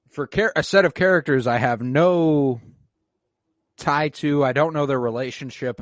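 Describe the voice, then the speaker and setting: A man's voice: mid-range voice, no echo. Laid-back male podcast co-host, dry mic. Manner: laid-back, swearing, acts out characters' lines. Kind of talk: casual movie review chat.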